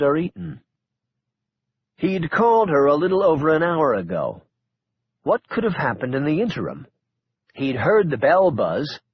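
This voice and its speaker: A man's voice: medium pitch, breathy edge, muffled recording. A man narrating an audiobook thriller in a wry, dramatic storytelling manner. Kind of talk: scripted narration.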